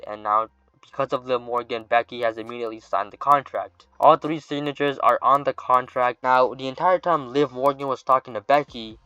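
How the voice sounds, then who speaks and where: Offhand man narrating, bright crisp voice. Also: medium pitch, no room sound. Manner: offhand, with quick asides. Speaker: fantasy booking narrator. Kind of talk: casual scripted narration. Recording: dull lo-fi dry recording.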